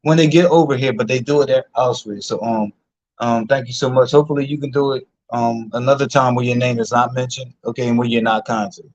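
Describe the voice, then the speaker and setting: A man from Philadelphia hosts a casual online chat, talking loosely and laughing between his points. His voice sits at a middle pitch. The audio is dull and dry, like a cheap mic. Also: steady tone, fast talker, darkish tone, no room sound. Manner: chatty, laughs often, many fillers. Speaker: host. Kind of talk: casual live-stream chat.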